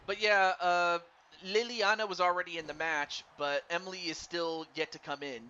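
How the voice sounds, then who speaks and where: A man doing live play-by-play commentary on a wrestling game for a stream, excitable and stumbling over his words while chatting with viewers. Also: high-pitched, normal speed, clear, resonant tone. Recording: dull lo-fi stream mic with faint noise.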